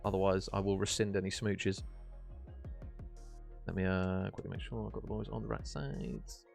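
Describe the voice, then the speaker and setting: Male esports caster, lowish voice, chatty and jokey, light music underneath. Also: little pitch movement, moderate pace, vocal fry, a little mellow. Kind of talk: casual stream commentary reading chat.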